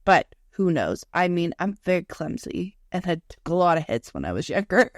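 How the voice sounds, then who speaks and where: A woman's voice: on the low side, big pitch swings, normal speed, dry recording, studio quality. A young woman co-hosting a casual podcast, telling stories in a chatty way, swearing, laughing and acting out what people said. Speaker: podcast co-host. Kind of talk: casual chat.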